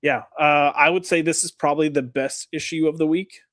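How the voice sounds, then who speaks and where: A man's voice: a little high, fairly even intonation, a little fast, a bit bright, dry recording, clean studio sound. A man co-hosting a comics podcast, talking in an easygoing, rambling way with many fillers and restarts. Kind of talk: casual chat.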